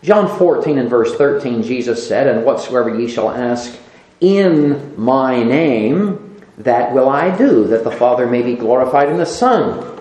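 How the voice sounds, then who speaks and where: A man's voice: mid-range voice, lively intonation, a little slow, darkish tone. A man preaching a sermon who reads scripture aloud and rises sharply on repeated, emphatic words. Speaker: pastor. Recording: echoey room.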